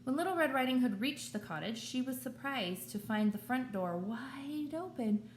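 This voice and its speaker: A woman teacher reads a children's story aloud with an expressive, storytelling delivery. Her voice is lively, rising and falling as she tells the tale. A faint hum of room sound sits in the background. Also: high voice, moderate pace.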